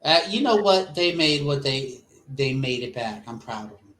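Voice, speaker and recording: A man's voice: mid-range voice, sing-song, normal speed, fairly bright tone, slight background noise. A man co-hosting a casual podcast, laughing often and quoting movie lines in put-on voices. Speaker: podcast co-host. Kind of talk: casual chat. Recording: roomy echo.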